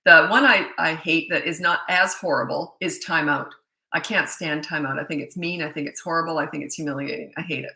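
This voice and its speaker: A woman's voice: deep voice, steady tone, brisk, creaky, bright, forceful tone, roomy sound, low-quality recording. A middle-aged woman parenting coach answering viewer questions in a blunt, emphatic way, often restarting her sentences.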